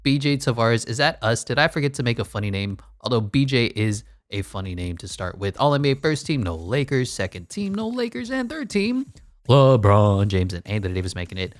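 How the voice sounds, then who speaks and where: A man's voice: on the low side, a little fast, hardly any pauses, no room sound, clean studio sound. A man giving casual, blunt commentary while playing a basketball management game, full of wry asides. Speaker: gaming YouTuber.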